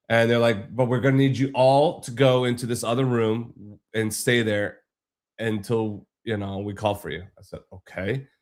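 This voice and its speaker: A man casually telling a long, frustrated story on a live stream, rambling and swearing freely. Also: mid-range voice.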